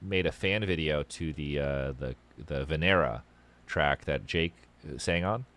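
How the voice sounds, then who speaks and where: A man's voice: very deep voice, a little slow, fairly bright tone. A man hosting a casual call-in livestream show, rambling and swearing as he tells stories. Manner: rambling, profane, storytelling. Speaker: podcast host taking calls.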